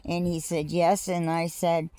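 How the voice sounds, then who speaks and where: A woman with a fairly low voice rambles through a personal vlog, pausing often with fillers and restarting her sentences. She talks outdoors on her rural property while wind chimes ring behind her. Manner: rambling, halting, with many fillers. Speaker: vlogger.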